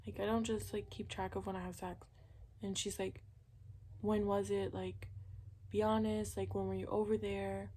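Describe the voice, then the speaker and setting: A woman's voice: medium pitch, flat delivery, normal speed, mellow, a little hiss or hum. A young woman casually telling a personal story, chatty and candid, filling her talk with "like" and acting out what people said. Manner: candid, chatty, many "like"s, acts out quoted dialogue. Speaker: vlogger.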